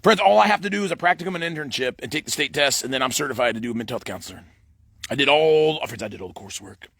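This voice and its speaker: Guy in middle age, quick and bouncy delivery, gravelly phone vlog rant outdoors. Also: mid-range voice, no echo. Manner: says "friends" in nearly every line, rambling and excitable. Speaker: vlogger. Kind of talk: rambling monologue to camera.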